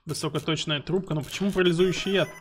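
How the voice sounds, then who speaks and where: A man's voice: on the high side, steady tone, very fast, soft background music. A man streaming a game, muttering casual commentary half to himself. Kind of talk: casual let's-play commentary.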